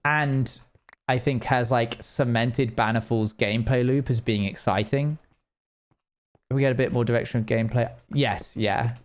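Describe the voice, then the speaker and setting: A man's voice: mid-range voice, fairly even intonation, moderate pace. A young man chatting casually and rambling while he plays a game on a live stream, laughing now and then.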